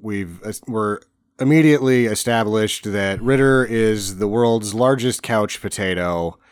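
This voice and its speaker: A man's voice: on the low side, measured pace, no room sound, clean studio sound. A man co-hosting a casual movie review chat, wryly recapping scenes and jumping into mock voices. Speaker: podcast co-host.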